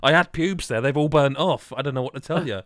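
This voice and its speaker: A man in his thirties hosting a podcast, loud, rambling and jokey. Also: fairly high pitch, fast talker, no echo, clean studio sound. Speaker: podcast host. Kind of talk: casual chat.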